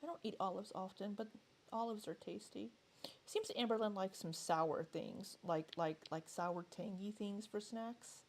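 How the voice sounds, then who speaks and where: A woman chatting casually as she reacts to a video she is watching, hesitant and quick to laugh. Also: mid-range voice, slight background noise. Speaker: reaction vlogger.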